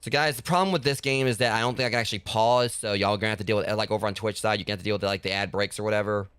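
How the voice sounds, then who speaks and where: A man's voice: fairly low pitch, fairly even intonation, racing, fairly bright tone, smooth, no room sound. A man streaming a horror game and chatting loosely to his viewers, rambling with lots of fillers. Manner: rambling, heavy with fillers like "like" and "you know". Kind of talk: casual gaming livestream talk.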